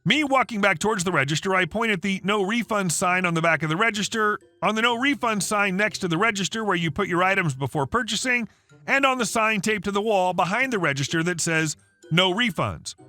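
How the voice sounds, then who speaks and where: A man narrating online stories aloud, in a lively storytelling way. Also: high-pitched, brisk. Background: faint background music.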